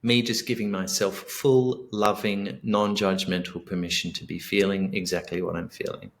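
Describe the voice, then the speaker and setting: An earnest, middle-aged man talks in a fairly low voice as a podcast guest. He explains his ideas reflectively and slips into short spoken examples of what he would say to someone. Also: level tone, moderate pace, gravelly. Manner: earnest, reflective, acts out sample dialogue. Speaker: guest author and coach. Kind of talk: podcast interview.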